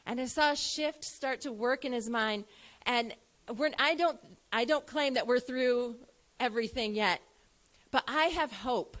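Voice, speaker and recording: A woman in her thirties tells a personal story to a listening audience. She speaks earnestly, in a voice a little higher than most, and slips into the voices of herself and her son as she recounts their talks. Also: unhurried, fairly bright tone. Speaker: event speaker.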